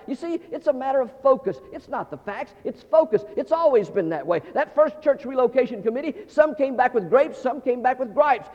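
A middle-aged man preaching a humorous storytelling sermon, animated, with stammering restarts and phrases repeated for effect. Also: high voice. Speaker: pastor. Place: large church sanctuary. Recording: dull, reverberant church hall recording.

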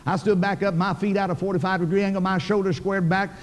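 An older man preaches in a brisk, high-pitched voice. He tells his story in a folksy, emphatic way, and his words ring out in a large, echoing hall. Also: level tone. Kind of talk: sermon storytelling.

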